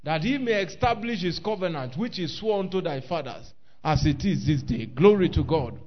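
A man preaching a sermon, reading old-scripture and rising to shouts. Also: fairly high pitch, lively intonation, moderate pace, a little hiss or hum. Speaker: pastor. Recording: dull lo-fi recording.

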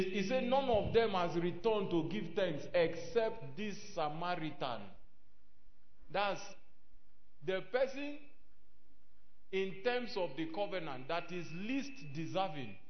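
A man preaching a sermon, reading old-scripture and rising to shouts. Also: sits high, slight background noise. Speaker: pastor. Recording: dull lo-fi recording.

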